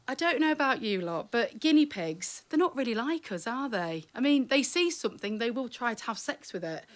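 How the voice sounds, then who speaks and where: A woman's voice: on the high side, lively intonation, normal speed, few pauses. A woman performing comic spoken-word storytelling live, wry and chatty, teasing the audience.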